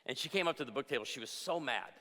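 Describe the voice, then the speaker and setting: A man's voice: medium pitch, lively intonation, rapid-fire, sharp tone. Preaching man in a big reverberant hall. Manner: humorous storytelling preacher. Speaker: pastor. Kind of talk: conference talk.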